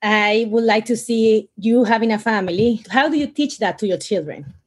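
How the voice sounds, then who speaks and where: A woman's voice: a little high, normal speed, breathy edge. A woman from the audience effusively thanking the speakers before asking her question. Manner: effusive, grateful. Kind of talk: live online question.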